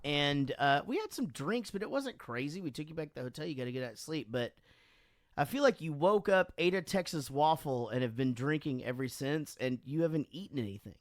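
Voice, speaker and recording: A fairly high-voiced man chatting loosely on a podcast. He jokes, gets excitable and talks over his co-host. The sound is dry and close, from a home studio mic. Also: a little fast, no room sound. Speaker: podcast co-host and band member. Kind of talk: casual drunken podcast chat.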